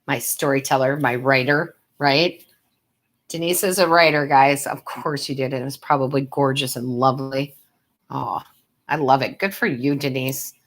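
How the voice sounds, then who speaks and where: A tarot reader and medium with an extremely low-pitched voice keeps a steady tone and moderate pace during her live-stream readings. She chats with viewers, laughing often and calling them love and sweetheart.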